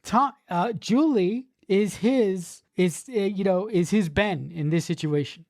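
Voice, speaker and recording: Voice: medium pitch, slow pace, a little mellow, dry recording, clean studio sound. A podcast co-host casually discussing a film, rambling, restarting sentences and swearing.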